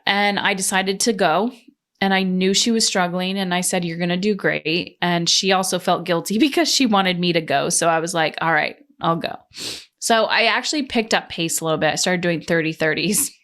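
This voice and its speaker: A woman's voice: lowish voice, fairly quick, fairly bright tone. Candid woman host telling a story. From Canada. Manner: candid, swearing, acts out quoted voices. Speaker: podcast host. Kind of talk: casual storytelling monologue.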